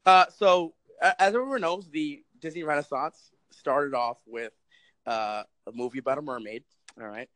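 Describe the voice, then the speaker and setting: A young man with a high voice talks in a loose, rambling way. He swears freely, laughs often and fills his talk with "like". The sound is dry and close, with no room echo. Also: moderate pace, fairly bright tone. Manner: rambling, profane, laughs often, many filler likes. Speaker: podcast co-host. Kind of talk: casual chat.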